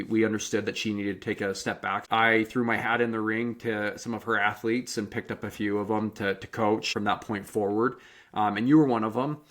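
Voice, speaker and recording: A man hosting a running podcast, telling stories in a lively, chatty way with frequent restarts. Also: on the low side. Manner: animated storytelling, many restarts. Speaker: podcast host and running coach. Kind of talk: casual interview chat.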